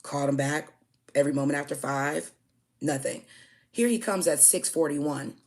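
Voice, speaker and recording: In a low, slightly mellow voice at normal speed, a young food business owner rants heatedly in storytime style about a customer. Profane and emphatic, she keeps tacking "okay?" onto her points.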